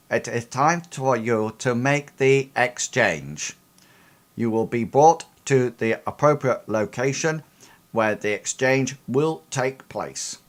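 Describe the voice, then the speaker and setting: A man voicing a cold, formal robotic contact who speaks in measured, clipped sentences. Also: mid-range voice.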